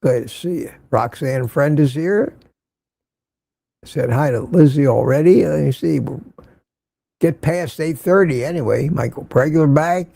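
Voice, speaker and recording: A man's voice: fairly high pitch, a little slow, vocal fry, warm tone, dry recording, studio quality. An older man hosting a casual morning livestream, greeting viewers by name and reading the chat aloud. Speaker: livestream host.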